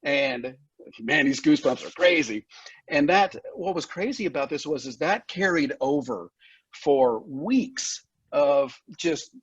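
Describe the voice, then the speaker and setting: A man's voice: a little high, lively intonation, a little slow, a bit bright, husky, dry recording. A man speaking as a podcast guest, telling his recovery story candidly with frank, profane language, frequent laughs and moments of emotion. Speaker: guest, recovery center founder. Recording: dull lo-fi podcast audio.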